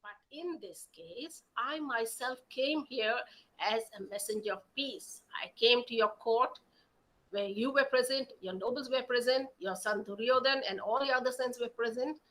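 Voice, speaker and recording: A woman voicing a calm, patient divine lord in a retold epic tale, explaining in measured phrases. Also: a little high, close to an everyday voice, low-quality recording.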